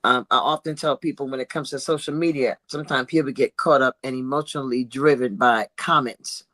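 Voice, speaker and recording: A woman's voice: rumbling low, brisk, no room sound. Blunt old-school woman host, dry sound. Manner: blunt, animated, calls herself an old-school lady. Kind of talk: casual chat.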